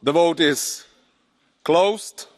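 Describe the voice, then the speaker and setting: A man chairing a parliament session, calling votes in a halting, procedural manner with many fillers. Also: on the high side. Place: large parliament chamber. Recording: long hall reverb, faint crowd.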